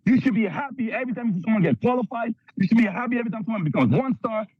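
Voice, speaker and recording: A man from Canada giving an energetic motivational talk at a sales training, acting out little skits in put-on voices. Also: extremely high pitch, rapid-fire, breathy edge, dry recording, dull audio.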